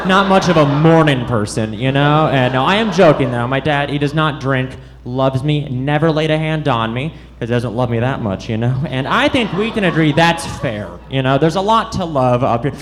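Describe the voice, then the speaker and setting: At normal speed and medium pitch, a man speaks expressively through a stand-up routine at a comedy club. The act is awkward and self-mocking, with deliberate stumbles. Loud audience noise is captured in the live club recording.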